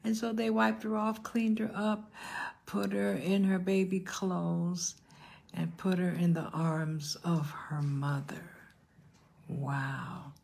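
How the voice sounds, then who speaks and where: An older woman preaching a sermon with a low, gravelly, husky voice. She tells a story at an unhurried pace and now and then sinks into a hushed whisper to stress a point. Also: little pitch movement. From United States. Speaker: pastor.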